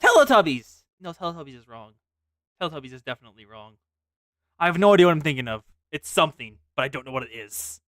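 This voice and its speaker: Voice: medium pitch, lively intonation, fast, fairly bright tone, no room sound, studio quality. A streamer giving casual, rambling commentary on a game. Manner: chatty, rambling asides.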